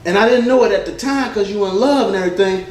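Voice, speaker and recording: A man doing stand-up comedy, telling profane stories in an animated way and laughing at his own jokes. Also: high-pitched, quick pace, slight background noise. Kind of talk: stand-up storytelling. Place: comedy club stage. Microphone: stage mic. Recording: echoey club from a distant mic. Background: audience laughter.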